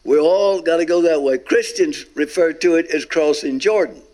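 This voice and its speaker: A man's voice: fairly high pitch, normal speed, a little mellow. A man earnestly tells his testimony as a guest, stretching out emphatic phrases. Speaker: guest telling a near-death experience. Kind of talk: recorded testimony talk.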